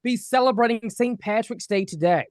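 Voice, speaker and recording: A man's voice: very high-pitched, normal speed, no room sound, studio quality. A man hosting a live holiday TV show, giggly and hesitant, often restarting his sentences when he is unsure. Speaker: host.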